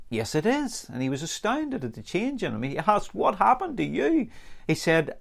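A man preaching a sermon, earnest and lively, with dramatic pauses and acted-out anecdotes. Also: mid-range voice.

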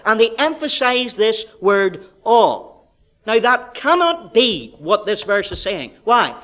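A man with a Northern Irish accent preaching an expository Bible sermon, swinging between loud, drawn-out proclamations and quiet asides. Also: sits high, very animated, muffled recording.

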